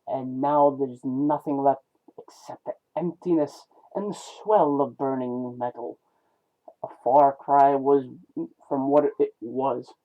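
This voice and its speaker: A man reading a comic aloud, voicing a weary male robot warrior who reflects on his lost home in a slow, solemn way. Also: mid-range voice, natural voice. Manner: solemn, slow, stumbling over names. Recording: tinny phone-like lo-fi sound.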